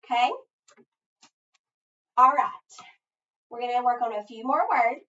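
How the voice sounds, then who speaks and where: A woman's voice: on the high side, steady tone, pushed and bright. A woman teaching a phonics lesson, patiently asking questions and answering them herself. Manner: slow, patient, asks and answers her own questions. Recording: distant, echoey, dull room sound.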